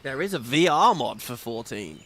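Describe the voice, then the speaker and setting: A man's voice: medium pitch, big pitch swings, normal speed, pushed and bright, a little hiss or hum. A man hosting a gaming video, giving rambling, opinionated playthrough commentary. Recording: game music behind voice.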